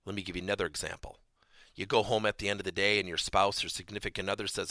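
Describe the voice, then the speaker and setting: A man's voice: on the low side, rapid-fire, creaky, no room sound, studio quality. A man hosting a podcast lesson on coaching, emphatic and acting out example conversations with employees. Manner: animated, emphatic, acts out example dialogues. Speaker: podcast host and coaching trainer.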